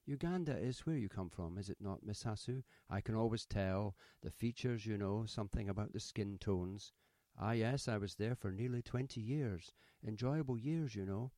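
A man's voice: lowish voice, normal speed, mellow, no echo, studio quality, voice pushed up, natural voice. A man reading a story, voicing an older male shopkeeper who talks in a genteel, fussy, ingratiating way. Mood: fawning.

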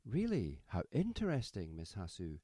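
A man's voice: lowish voice, lively intonation, moderate pace, dark tone, dry recording, clean studio sound, lightly acted. A man reading a story, voicing an older male shopkeeper who talks in a genteel, fussy, ingratiating way. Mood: fawning.

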